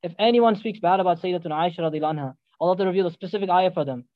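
A man's voice: high voice, rapid-fire, dry recording, muffled recording. A man giving a sermon, telling a story with quoted voices and reciting Arabic verses. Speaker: preacher.

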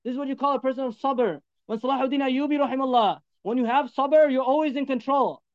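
Fast, high-voiced man preaching emphatically. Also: clean tone, no echo, lo-fi sound. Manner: emphatic, repetitive exhortation. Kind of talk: sermon.

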